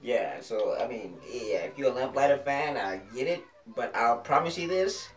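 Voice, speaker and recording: A man casually reviewing a TV episode in a vlog, excitable and slangy, often repeating phrases. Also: mid-range voice, normal speed. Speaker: TV show reviewer. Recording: roomy echo, distant mic, faint music.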